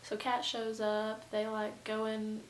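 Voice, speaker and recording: A woman's voice: a little high, monotone, slow, roomy sound, a little hiss or hum, rough recording. A young woman telling a casual storytime as a vlogger, chatty and full of "like" and asides. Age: young adult. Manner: chatty, lots of "like", rambling asides.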